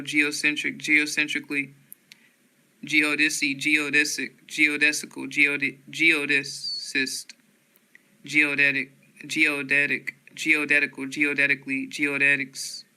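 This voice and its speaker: A man slowly reading dictionary headwords aloud in a flat monotone, often restarting words. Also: a little high, clear, resonant tone, poor audio.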